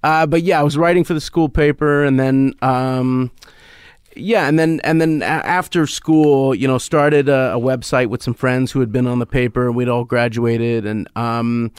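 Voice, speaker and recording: A Canadian man, a comedian and writer, talking through his past in a thoughtful, halting way with many restarts. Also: mid-range voice, steady tone, smooth, no room sound, clean studio sound. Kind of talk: casual interview conversation.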